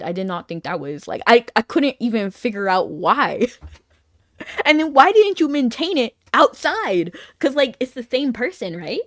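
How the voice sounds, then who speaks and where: A woman's voice: fairly high pitch, no echo. A woman streamer chatting casually with her viewers while playing an online game, rambling and laughing often.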